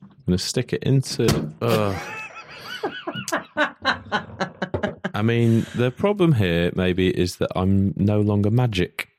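Deep guy on a podcast, bouncy intonation, jokey and relaxed. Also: takes it slowly, long pauses. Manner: joking, lively, easygoing. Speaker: podcast co-host. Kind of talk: casual science chat.

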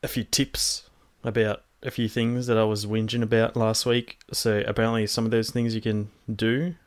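Brief: male co-host, low voice, hesitant casual delivery. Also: moderate pace. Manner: relaxed, hesitant, many ums. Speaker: podcast co-host. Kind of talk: casual chat.

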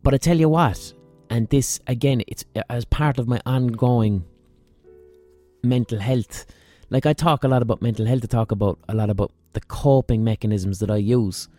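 An Irish man telling a profane, ranting comic story on his podcast, with animated asides. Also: medium pitch, normal speed, faint music behind. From Ireland. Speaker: comedian and podcast host.

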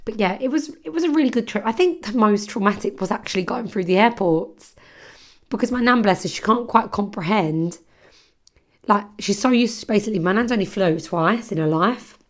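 A woman's voice: mid-range voice, a bit bright. Young woman, podcast host, chatty storyteller, giggly, swears freely. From London, England. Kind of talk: casual chat, storytelling.

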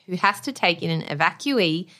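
A woman's voice: fairly low pitch, expressive, fairly quick, pushed and bright. A young woman co-hosting a podcast, chatting casually and reading out a listener email in a playful, sing-song way. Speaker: podcast co-host.

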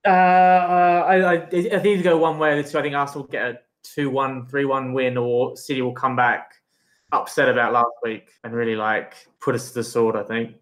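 A man's voice: medium pitch, level tone, normal speed. Male guest from Australia, casual and tentative football talk. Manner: tentative, lots of kinda and right.

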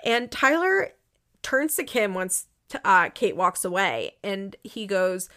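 A woman's voice: mid-range voice, animated, slow, sharp tone. A woman giving a casual, rambling recap of a reality show, opinionated and indignant, with many "like" fillers. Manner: rambling, chatty, lots of "like" fillers.

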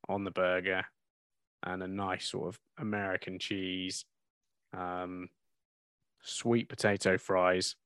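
A man co-hosting a podcast, easygoing and quick to laugh. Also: low-pitched, a bit bright, clear, resonant tone, dry recording. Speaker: podcast co-host. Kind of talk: casual chat.

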